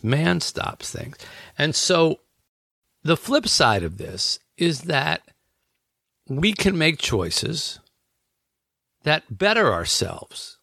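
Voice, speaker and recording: A man's voice: medium pitch, creaky, pushed and bright, breathy edge, dry recording, studio quality. A man talking as an author about his book, in an earnest, reflective conversation that he fills with everyday examples.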